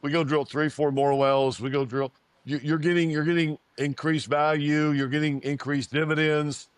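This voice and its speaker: Animated man telling a business story. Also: a little high, normal speed, clear, resonant tone, no room sound. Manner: animated storyteller, repeats phrases, acts out quoted dialogue. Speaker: oil and gas company founder, guest. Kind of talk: interview answers, storytelling.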